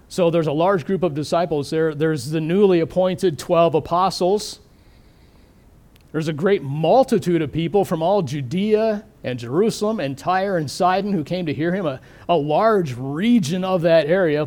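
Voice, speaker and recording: A middle-aged man preaching a sermon, thoughtful and questioning, slowing down to stress key words. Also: a little high, a little mellow. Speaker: pastor.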